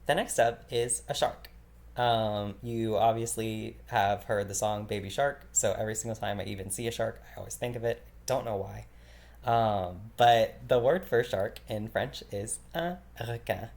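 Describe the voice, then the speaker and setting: A man teaching a beginner vocabulary lesson, explaining casually with fillers and repeating each word slowly. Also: fairly low pitch, vocal fry, darkish tone. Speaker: French teacher.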